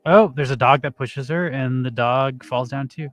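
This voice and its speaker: A man casually chatting and reacting to videos as co-host, laid-back and quick to laugh. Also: medium pitch, faint music behind.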